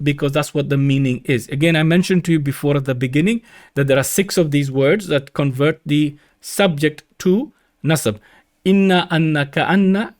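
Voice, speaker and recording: A man teaching Arabic grammar in a recorded lecture, patiently repeating the key points for emphasis. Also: on the high side.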